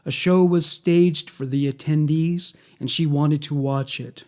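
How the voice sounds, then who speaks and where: A man reading a scripted documentary narration in a measured, matter-of-fact way. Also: on the high side, steady tone, darkish tone, smooth.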